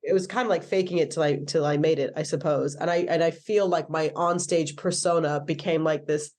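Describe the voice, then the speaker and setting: A woman's voice: low-pitched, fairly even intonation, brisk, a little mellow. A woman in her thirties with an American accent, a stand-up comedian chatting casually in an interview, full of "like"s and self-corrections. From England. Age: 30s.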